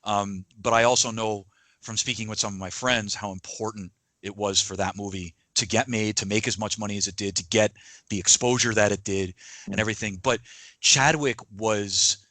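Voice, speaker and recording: A man's voice: on the low side, fairly even intonation, normal speed, fairly bright tone, no room sound, rough recording. A man co-hosting a podcast, speaking earnestly and with passion in casual film chat, often restarting his sentences. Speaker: podcast co-host.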